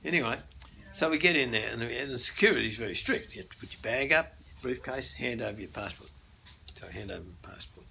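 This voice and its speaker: An older Australian man in an interview, telling stories in a relaxed, anecdotal way. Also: medium pitch, fast, vocal fry, a little hiss or hum, rough recording. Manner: anecdotal, many restarts and chuckles. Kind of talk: casual storytelling.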